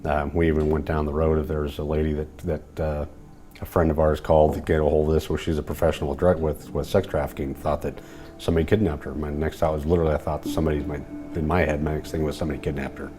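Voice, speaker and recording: A middle-aged man, father of a missing woman, speaking haltingly in an interview with many restarts. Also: a bass voice, level tone, mellow, soft background music. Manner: halting, full of restarts and fillers.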